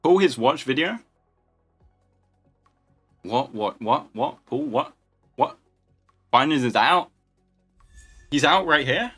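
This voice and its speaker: A man's voice: a little high, very animated, slow pace, gravelly, long pauses, fairly bright tone, breathy edge. Chatty young male streamer over music. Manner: chatty, joking, answering viewer questions. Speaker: livestream host. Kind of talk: casual livestream chat.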